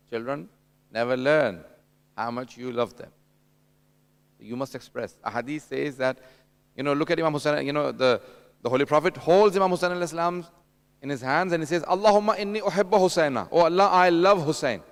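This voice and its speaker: A man's voice: medium pitch, creaky, smooth. A man giving a conversational sermon at a religious gathering, addressing the audience directly and telling anecdotes. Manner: tells anecdotes and acts out dialogue. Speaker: religious lecturer at a mourning gathering.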